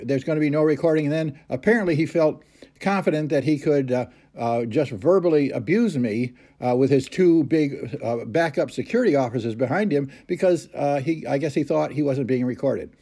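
A man giving an unscripted personal statement about a complaint, halting and full of hesitations, with an aggrieved, insistent manner. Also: a little high, warm tone. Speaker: complainant recounting a police encounter.

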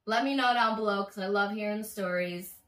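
In a casual vlog, a woman recounts a dream, swearing freely and animatedly acting out each person's quoted voice. Her voice is medium-pitched and fairly quick, captured from a distance, somewhat off mic in an echoey room.

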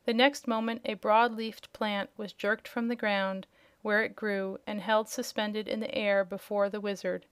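A woman narrating a children's storybook with steady, measured reading. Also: mid-range voice, clean tone, dry recording. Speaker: audiobook narrator.

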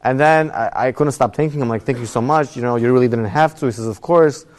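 Talking fast in a mid-range, somewhat mellow voice, a young adult man recounts a personal story in a storytelling lecture. He's a rabbi teaching a Torah class, and his voice lifts as the tale grows tense.

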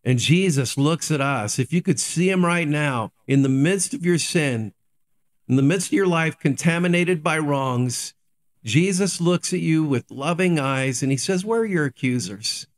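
High-voiced pastor asking rhetorical questions. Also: male voice, measured pace. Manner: earnest, repetitive rhetorical questions. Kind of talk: daily devotional sermon.

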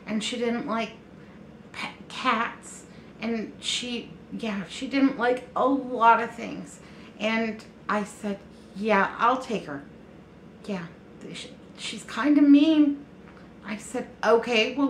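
Lady telling a story, animated and chatty, faint hiss behind her. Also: medium pitch. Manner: chatty, animated, quotes others in her own voice. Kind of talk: casual personal storytelling. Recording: echoey room with faint noise.

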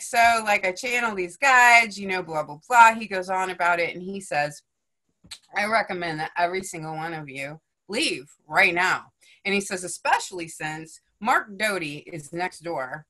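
On a podcast, a female guest with a lowish voice tells a story in casual conversation. She's animated and blunt, swears freely, and keeps tacking "right?" and "you know?" onto her lines.

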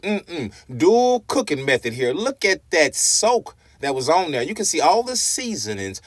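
A man's voice: on the high side, big pitch swings, measured pace, hardly any pauses, no room sound, studio quality. A man hosting a cooking tutorial vlog, enthusiastic and talking straight to his viewers, asking them questions and saying "y'all" in nearly every sentence. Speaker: cooking channel host.

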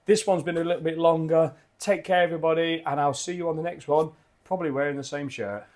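A man's voice: on the high side, steady tone, quick pace, darkish tone. An enthusiastic man, rambling casually through a beer review at his home bar, often repeating his words.

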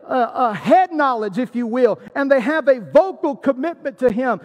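Guy preaching hard, high pitched, big church echo. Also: lively intonation, moderate pace, hardly any pauses, a little mellow. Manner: emphatic preaching with scripture quotes. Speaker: pastor. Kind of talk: sermon.

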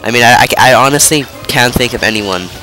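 Over game music, a young let's play commentator talks quickly in a mid-range, sharp-toned voice. Congested and nasal from a cold, he rambles casually while gaming, cutting himself off and using plenty of fillers.

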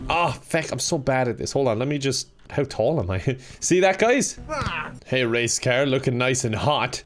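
A young man in his twenties with an Irish accent, giving playful let's-play commentary with quick reactions and frequent laughter. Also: mid-range voice. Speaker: gaming video host.

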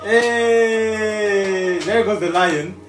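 A young man co-hosting a casual film reaction with his brothers, animated and excitable. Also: high-pitched, very slow. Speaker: co-host, one of the brothers. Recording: echoey room with film music behind.

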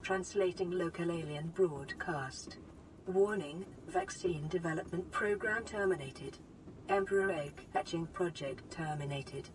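Game computer: a woman as a flat, clipped announcer with a fairly low pitch and a faint hiss behind. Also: a little slow, pauses often, lightly acted, rough recording. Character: computer voice translating an alien warning.

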